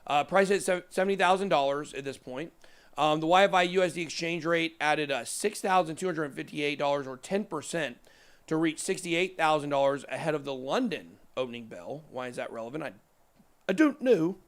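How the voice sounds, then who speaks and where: A man's voice: a little high, a little fast, fairly bright tone. A man in his thirties hosting a casual crypto show, rambling through price charts with joking, self-deprecating asides. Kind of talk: casual chat over live price charts.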